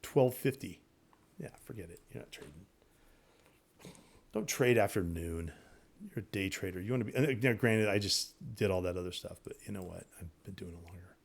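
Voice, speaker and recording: A man teaching day trading over his charts in a casual, excitable way, repeating himself and talking straight to viewers. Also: low-pitched, moderate pace, gravelly. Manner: excitable, repetitive, talks to viewers directly. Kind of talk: casual screen-share trading lesson.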